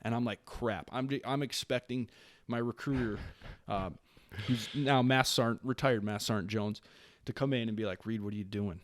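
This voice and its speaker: A man in his late thirties, originally from Wisconsin, tells stories as a podcast guest in a relaxed and lively way. He often restarts his sentences and does the voices of the people in his stories. The recording is dry and close, with no room sound. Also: medium pitch, normal speed, no room sound. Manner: animated storyteller who acts out quoted lines, with frequent restarts. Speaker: podcast guest, Marine staff sergeant. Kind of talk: casual storytelling interview.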